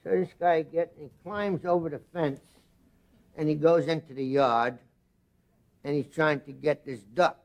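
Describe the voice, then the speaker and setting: A man with a New York accent telling jokes as a talk show guest, animated and brash. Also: fairly high pitch, measured pace, creaky, pauses often. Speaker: comedian guest.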